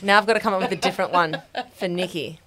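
A woman's voice: on the low side, quick pace, a crowd in the background. A woman hosting a podcast, playfully asking silly would-you-rather questions. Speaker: podcast host. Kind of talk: casual chat.

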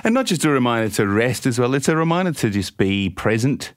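A man hosting a casual parenting panel, telling stories about his own family in an animated, self-mocking way. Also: mid-range voice, brisk, no room sound, studio quality. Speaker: host.

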